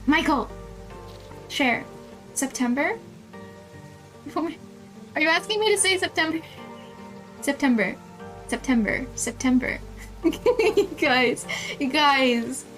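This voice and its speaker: A young woman livestreams a game, chatting casually with viewers in a playful, giggly way and often getting flustered and laughing. Her high, slightly bright voice is animated yet slow, with long pauses, and faint music plays behind her.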